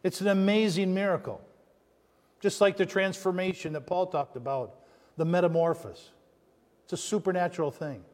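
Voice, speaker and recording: A man's voice: high-pitched, normal speed, darkish tone, in a large hall. A man preaching a sermon as pastor, building emphasis and asking the church call-and-response questions.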